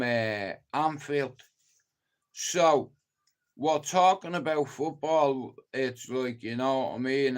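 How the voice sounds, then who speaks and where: A middle-aged man from Ireland hosting a livestream, telling rambling stories in casual chat and swearing a lot. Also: medium pitch. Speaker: livestream host.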